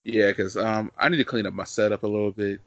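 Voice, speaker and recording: A man's voice: fairly low pitch, quick pace, dry recording, dull audio. A man hosting a podcast, joking and chatting casually with a guest. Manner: jokey, animated, laughs often. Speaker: podcast host. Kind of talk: casual chat.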